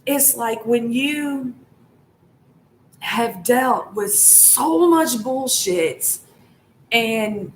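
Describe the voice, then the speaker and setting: A woman's voice: fairly high pitch, animated, extremely slow, long pauses, slight background noise, rough recording. A woman talking frankly to her viewers in a casual monologue, cursing often and using lots of fillers like "like" and "right?". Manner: frank and profane, with frequent fillers and laughs. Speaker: spiritual vlogger.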